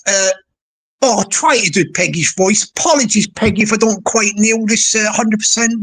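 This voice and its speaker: A woman's voice: mid-range voice, moderate pace, fairly bright tone, breathy edge. A woman hosting a livestream, playful and rambling as she talks to the chat. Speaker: livestream host.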